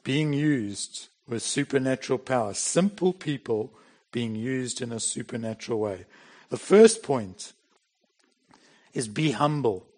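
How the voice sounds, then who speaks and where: A man's voice: medium pitch, animated, unhurried, a little mellow. A middle-aged man preaching a sermon in a plain, conversational way, with bursts of emphasis. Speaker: pastor.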